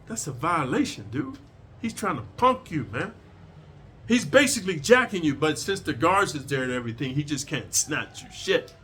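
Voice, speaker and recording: A man's voice: fairly high pitch, big pitch swings, normal speed, a bit bright, slight background noise. A man telling a prison story in a casual, profane, streetwise way, lecturing his listeners.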